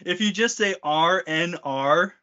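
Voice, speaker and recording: A man's voice: high-pitched, a little slow, sharp tone, highs cut off, a little hiss or hum. A man co-hosting a podcast in casual chat, joking and bantering playfully. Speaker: podcast co-host.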